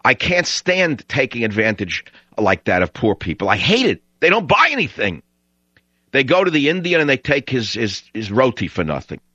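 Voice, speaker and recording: A man's voice: medium pitch, big pitch swings, normal speed, sharp tone, no room sound. A man hosting a talk radio show, ranting sarcastically and drifting between stories. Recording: dull lo-fi radio sound.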